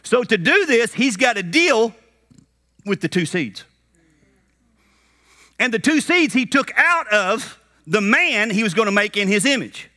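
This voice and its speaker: A man preaching a sermon at a conference, animated and shouting at peaks, slipping into character voices for retold scenes. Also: high-pitched, a little slow, long pauses. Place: conference hall.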